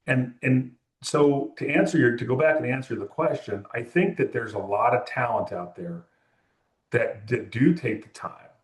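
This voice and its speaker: In a laid-back interview, a man who photographs musicians in California chats through anecdotes, quoting dialogue along the way. His medium-pitched voice is expressive at a normal pace, captured with a roomy echo.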